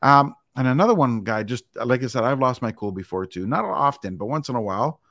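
A man hosting a podcast, telling stories in a relaxed way, full of fillers and asides. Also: medium pitch, a little fast, very noisy. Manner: relaxed storytelling with frequent fillers like "it's like". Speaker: podcast host. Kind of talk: casual podcast chat.

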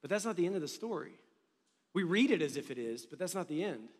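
A male pastor preaching a sermon in an energetic, conversational way, with humor. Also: fairly high pitch, quick pace. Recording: long reverb of a large hall.

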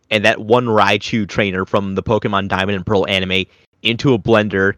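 A man's voice: lowish voice, fairly bright tone, no echo. A man hosting a casual anime review podcast, recapping animatedly and slipping into goofy voices. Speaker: podcast host.

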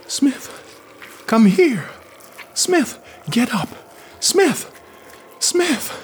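Frantic spaceman, very high and strained, urgent hissing whisper-shouts, audio drama reading. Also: very animated, very slow, heavily acted. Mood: desperate. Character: desperate young male spacefarer calling his friend.

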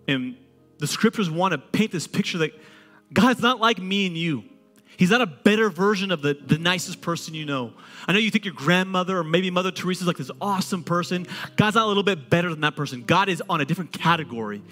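A male pastor preaches in a chatty, animated way, full of jokes and repeated phrases. His voice sits fairly high. It rings through a large hall with a long echo and soft music behind him. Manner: animated, conversational preaching with humor and repetition. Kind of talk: sermon.

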